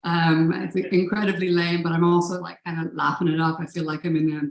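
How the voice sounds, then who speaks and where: A woman's voice: on the low side, flat delivery, brisk, gravelly. A woman telling a personal story at a live event, in a casual, profane manner with frequent laughs. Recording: roomy live room echo.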